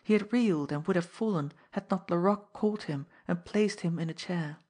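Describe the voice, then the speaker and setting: A woman reads an audiobook in a steady, measured way. Her voice sits a little low. She keeps an even pace. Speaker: narrator. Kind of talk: audiobook narration.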